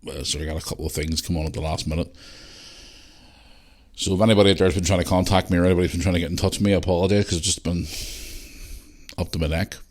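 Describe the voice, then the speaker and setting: A man's voice: low voice, steady tone, racing, pauses often, a little mellow. A man hosting his own podcast in a loose, chatty way, swearing freely as he talks to listeners. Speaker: podcast host. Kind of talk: casual solo podcast chat.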